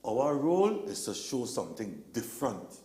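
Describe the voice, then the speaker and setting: A man's voice: mid-range voice, moderate pace, roomy sound. A man, a guest telling stories in a casual talk show, acting out the people he quotes. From Trinidad and Tobago. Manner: animated storyteller, acts out quotes.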